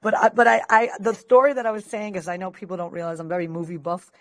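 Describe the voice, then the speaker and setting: A woman's voice: medium pitch, flat delivery, fast talker. A woman from Peru telling chatty, laughing stories on a group call, acting out what people said. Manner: chatty storyteller, laughs often, acts out quotes. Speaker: call participant. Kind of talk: casual chat.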